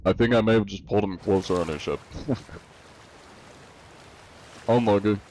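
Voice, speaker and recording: A young man streaming a game at home, answering chat in an easygoing, rambling way with lots of fillers. His voice sits on the low side, and a faint hiss hangs under it. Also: normal speed, a little mellow, rough recording. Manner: laid-back, rambling with fillers. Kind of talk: casual live-stream chat, reading chat questions.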